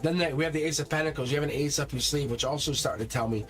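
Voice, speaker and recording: This man does a live tarot reading at a very fast clip, his voice on the high side. Faint music plays behind him as he addresses viewers directly with energy and emphasis.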